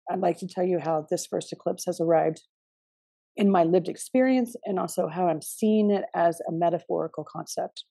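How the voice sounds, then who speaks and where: A woman's voice: on the low side, gravelly, mellow, slightly rough, no room sound. A middle-aged woman hosting a reflective spiritual podcast, talking in a meandering, hesitant way with frequent restarts. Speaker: podcast host.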